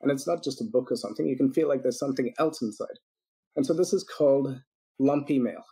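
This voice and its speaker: A man on a podcast tells a client story with energy, slipping into little acted-out voices for the people he quotes. His voice is warm and dark in tone, with a breathy, husky edge. He laughs easily as he goes. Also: mid-range voice, fast talker, poor audio. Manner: animated storyteller acting out quotes; laughs often. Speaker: business consultant guest.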